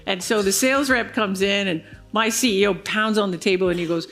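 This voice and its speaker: Woman telling a lively keynote story. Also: mid-range voice, brisk, soft background music. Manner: animated storyteller acting out quoted dialogue. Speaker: keynote speaker. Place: large conference hall stage.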